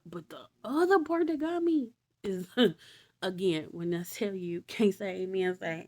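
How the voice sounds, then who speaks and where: A woman casually retelling Bible stories in slangy, animated talk with exasperated asides. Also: a little high, takes it slowly. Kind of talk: casual storytelling.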